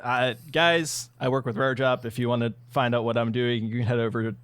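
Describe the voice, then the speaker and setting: A man's voice: medium pitch, steady tone, fairly quick, fairly bright tone, clear, resonant tone, no echo. A man co-hosting a podcast, chatting casually in a playful, teasing way. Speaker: podcast co-host. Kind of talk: casual chat.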